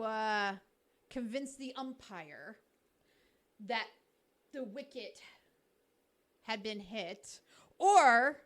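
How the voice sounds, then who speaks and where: A woman's voice: fairly high pitch, a bit bright. A woman co-hosting a casual sports podcast, patiently explaining cricket slang through baseball comparisons. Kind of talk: casual chat. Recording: podcast recording.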